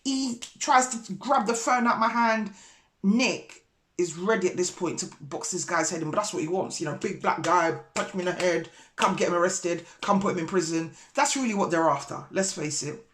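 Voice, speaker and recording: A woman vlogger and broker, telling a story in an indignant, animated way. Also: on the low side, normal speed. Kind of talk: casual storytelling vlog.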